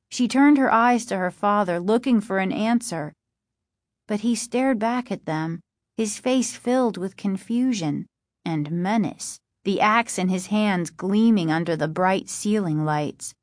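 Slow, dry woman narrating a story. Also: mid-range voice, no room sound. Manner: measured, dramatic storytelling. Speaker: audiobook narrator. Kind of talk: scripted narration.

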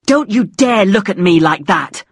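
A woman's voice: mid-range voice, lively intonation, measured pace, husky, dry recording, clean studio sound, voice pushed up, exaggerated voice. A reader voicing an angry, distraught mother who speaks sharply and demandingly. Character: furious, distraught mother abandoned by her husband.

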